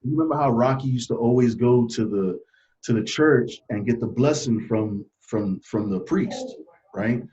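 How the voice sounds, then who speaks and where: A man telling stories from his life as a guest in a casual interview, earnest and animated, often laughing. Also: mid-range voice, moderate pace. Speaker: podcast guest. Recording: dull lo-fi sound.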